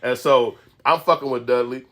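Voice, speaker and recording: A man telling profane comedic stories as host of a commentary show, rambling and animated, swinging from loud to mumbling. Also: medium pitch, normal speed.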